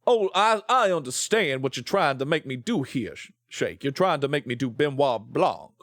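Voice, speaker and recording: A man putting on a slow, courtly, exaggerated Southern drawl to play a genteel male detective. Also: medium pitch, lively intonation, a bit bright, no echo, studio quality, lightly acted.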